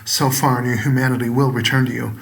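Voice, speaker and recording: A man voicing a small, sinister creature servant who speaks calmly, politely and coaxingly in a storybook reading. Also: medium pitch, brisk, vocal fry. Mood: soothing. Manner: calm, courteous, coaxing.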